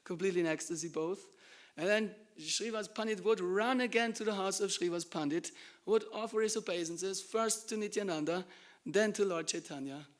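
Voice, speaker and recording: A male preacher in a temple, telling a devotional story in an animated way and acting out the lines of its characters. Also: high voice, normal speed. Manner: animated, acts out quoted lines, bursts into chanting.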